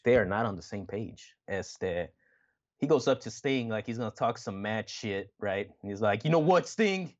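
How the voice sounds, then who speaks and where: A man co-hosting a podcast in casual chat, animated, swearing often and acting out quotes with laughter. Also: on the low side, normal speed, dull audio. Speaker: podcast co-host.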